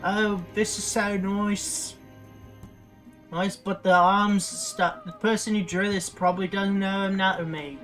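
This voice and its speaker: A woman's voice: mid-range voice, fairly even intonation, unhurried, fairly bright tone, soft background music, natural voice. A woman putting on a mocking, stereotypical British accent to impersonate a young man. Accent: stereotypical British, put on. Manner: mocking impression.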